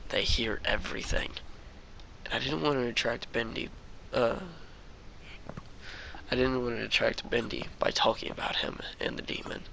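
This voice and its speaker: A man voicing a gentle man made by an ink machine, speaking quietly and fearfully, as he reads a fan story aloud. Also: mid-range voice, fairly even intonation, moderate pace, gravelly, a little hiss or hum, poor audio. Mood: hushed. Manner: quiet, hushed, fearful at times.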